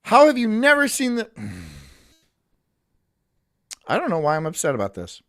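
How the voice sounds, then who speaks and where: A man's voice: high-pitched, huge pitch swings, moderate pace, fairly bright tone. A man streaming in casual chat, ranting in an incredulous, profane way.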